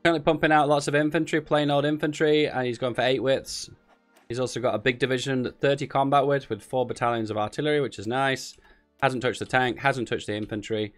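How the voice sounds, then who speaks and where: A man's voice: mid-range voice, fairly even intonation, a little fast, faint music behind. A man giving casual live commentary on a strategy game tournament, thinking aloud and wandering into rambling asides. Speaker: streamer casting a game tournament.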